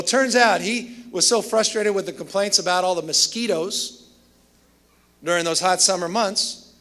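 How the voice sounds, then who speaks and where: A man's voice: sits high, fairly bright tone. A man delivering a commencement speech, telling emphatic stories with self-deprecating humor. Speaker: commencement speaker.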